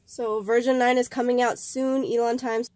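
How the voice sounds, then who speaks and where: Chatting to camera for her vlog, a young woman rambles along with plenty of fillers and restarts, a little nasal as she recovers from a cold. Her voice is a little high and a little mellow, with a level tone, moderate pace, and a dry recording.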